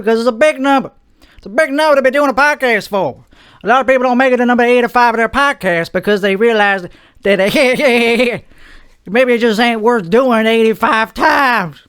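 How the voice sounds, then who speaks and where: A man hosting his own podcast, rambling through a comic monologue in a slow, drawling put-on voice. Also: high-pitched, fairly bright tone, clean tone, no echo, studio quality. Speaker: podcast host.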